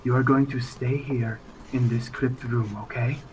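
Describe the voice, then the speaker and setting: A man voicing a protective male cleric who speaks very quietly and low. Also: fairly even intonation, measured pace, a little hiss or hum, lightly acted, poor audio. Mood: gentle.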